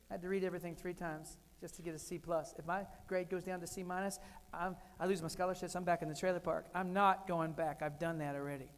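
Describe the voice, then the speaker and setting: A man's voice: a little high, gravelly. An older American man giving a keynote talk, telling funny personal stories in short, punchy phrases. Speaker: keynote speaker. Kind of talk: humorous keynote storytelling. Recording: echoey hall.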